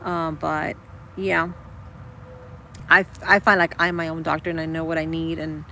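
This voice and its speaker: A woman's voice: low voice, little pitch movement, measured pace, pushed and bright, slight background noise, low-quality recording. A woman chatting casually with her livestream viewers, rambling and calling them girl and guys. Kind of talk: casual live chat.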